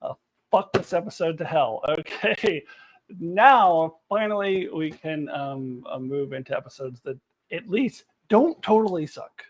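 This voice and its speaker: A woman reviewing TV episodes to camera, ranting in an exasperated, animated way with frequent laughter and swearing. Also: low-pitched, unhurried. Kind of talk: unscripted review rant to camera.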